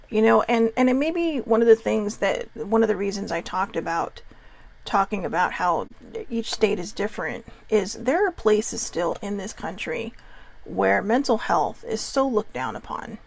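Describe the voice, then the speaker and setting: A woman's voice: medium pitch, vocal fry, dry recording. A Californian woman hosting a casual self-care talk, chatty and rambling, with lots of fillers and asides. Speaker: host.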